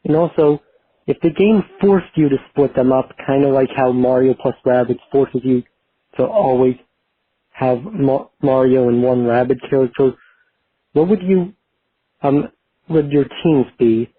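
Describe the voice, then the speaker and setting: A man's voice: mid-range voice, a little slow, husky. A man calling in to a podcast with a recorded voicemail, reading out a prepared question. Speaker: caller. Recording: dry, tinny phone line.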